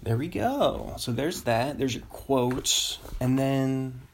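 A man from the Pacific Northwest hosts an easygoing podcast monologue, hopping between topics and chuckling privately. His mid-range voice is expressive and slow, and there's a little hiss or hum in the recording.

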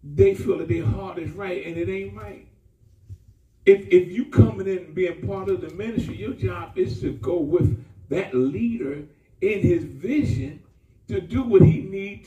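Male preacher, mellow and lively, folksy and emphatic; echoey room, mic far away. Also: high-pitched. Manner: folksy and emphatic, with call-and-response. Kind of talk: sermon.

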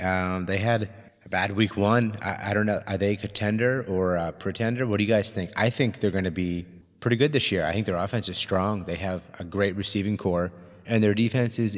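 Casting: lower-voiced male co-host, inquisitive, reverberant room sound. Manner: inquisitive, asks the others. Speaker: podcast co-host. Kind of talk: casual sports chat.

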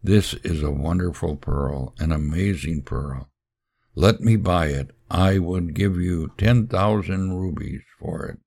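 A humble male missionary speaks earnestly, with a man reading him aloud. His voice is extremely low and gravelly, and he talks slowly with gentle sincerity. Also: exaggerated voice. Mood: eager.

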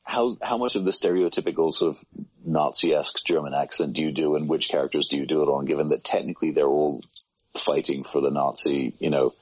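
Male voice actor, extremely low, breathy-husky, rambling self-deprecating chat. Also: fairly quick. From United Kingdom. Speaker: voice actor guest. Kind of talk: casual conversation. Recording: muffled low-fidelity sound.

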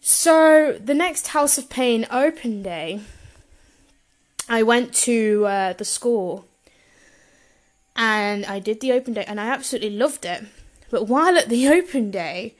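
A woman's voice: fairly high pitch, lively intonation, unhurried, long pauses. A young woman tells a personal story in a gushing, emotional way and laughs often.

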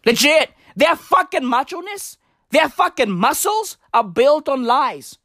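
High, swooping, crude bro-talking woman. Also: big pitch swings, unhurried, a bit bright, dry recording, studio quality. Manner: crude, rambling, swearing, slangy bro talk. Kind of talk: profane comedic rant.

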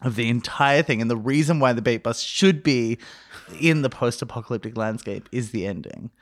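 Speaking at a moderate pace in a mid-range voice, a man co-hosting a podcast spins a story during casual conversation. He's animated, performing the quoted lines and laughing a lot.

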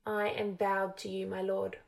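A woman's voice: mid-range voice, completely flat delivery, measured pace, vocal fry, rough recording. A woman voicing a cold, sneering young man who speaks in a clipped drawl. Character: cold, sneering young male lord's enforcer.

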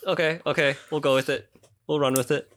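A man co-hosting a casual chat podcast, teasing his friend and quick to joke. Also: a little high, steady tone, a bit bright. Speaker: podcast co-host.

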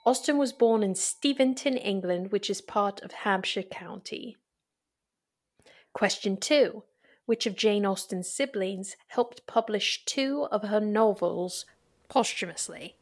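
Woman host, mid-pitched, playful and chatty, reading a quiz. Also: slow. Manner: chatty, playful, laughs often. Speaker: podcast host. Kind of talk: casual chat, reading quiz questions.

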